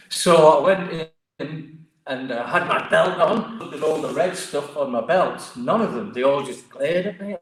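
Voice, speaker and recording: A man's voice: fairly high pitch, measured pace. Chatty Geordie man in echoey room. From Newcastle, England. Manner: lively, chatty storyteller. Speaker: martial arts guest. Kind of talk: casual storytelling interview.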